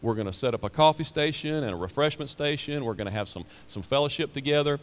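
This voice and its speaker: A man's voice: mid-range voice, expressive, quick pace. Man, pastor, sermon, repeats words, emphatic, long church reverb. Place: church sanctuary. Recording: hall reverb.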